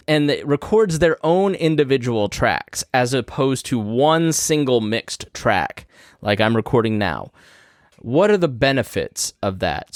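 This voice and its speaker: Speaking into a studio microphone routed through a podcast mixing board, a male podcast host explains a subject step by step, casual and conversational. His voice is mid-range, and there's no room sound.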